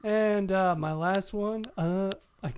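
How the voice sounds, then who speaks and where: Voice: medium pitch, slow, darkish tone, slight background noise. A podcast co-host in casual chat, rambling and laughing, often unsure of names.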